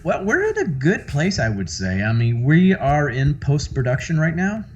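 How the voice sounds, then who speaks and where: A man's voice: fairly high pitch, huge pitch swings, moderate pace, dull audio. A man from the American South with a light Southern accent, a guest actor chatting casually in an interview, rambling with lots of fillers and restarts.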